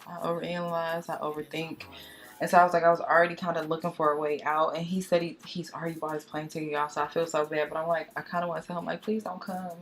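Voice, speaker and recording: Chatty young woman with a lilt. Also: low voice. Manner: chatty, confiding, addresses viewers as y'all. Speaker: beauty vlogger. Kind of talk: casual chat while doing makeup.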